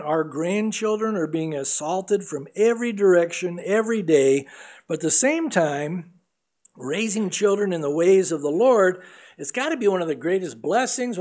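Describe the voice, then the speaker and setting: A man's voice: sits high, a little mellow. A middle-aged male pastor preaching a sermon in an earnest, conversational way, sometimes putting on voices for a story.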